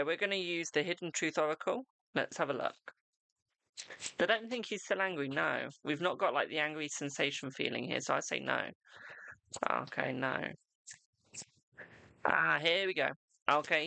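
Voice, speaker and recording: A young man gives a live-streamed tarot reading in a raised, gravelly voice with a bright, forceful edge. He talks in a soothing, repetitive way, checking in with "okay?" and calling the viewer his darling. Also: on the high side, no room sound. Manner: reassuring, repetitive, keeps saying "okay" and "my darling".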